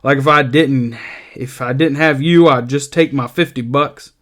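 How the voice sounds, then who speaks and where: A man's voice: mid-range voice, steady tone, unhurried, fairly bright tone, natural voice. A man voicing a simple-minded, childlike big man who pleads in a plain rural drawl. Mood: pleading.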